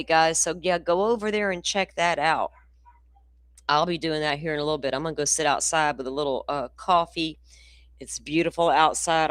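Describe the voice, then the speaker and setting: A woman's voice: deep voice, fairly bright tone, no room sound, clean studio sound. A grandmother chatting folksily with her livestream viewers from home. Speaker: true crime channel host. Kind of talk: casual livestream chat. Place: indoors at home in the country.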